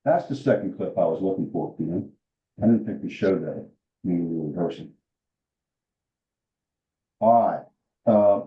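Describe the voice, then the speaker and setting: A man's voice: low voice, unhurried, long pauses. A man presenting a rules clinic for basketball officials, talking casually with fillers and restarts. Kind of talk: rules instruction and discussion. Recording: roomy, dull lo-fi sound.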